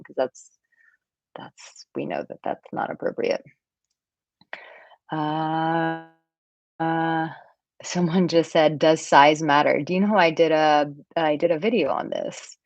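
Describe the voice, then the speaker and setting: Low-voiced woman coaching on a live stream. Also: darkish tone, no room sound. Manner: breezy, chatty, reads viewer comments aloud. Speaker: dating coach. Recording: dull, dry lo-fi stream audio.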